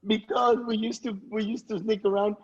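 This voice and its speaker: A man co-hosting a comedy podcast, throwing in quick joking interjections. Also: high-pitched, flat delivery, husky, muffled recording. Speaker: podcast co-host. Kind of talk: casual comedic chat.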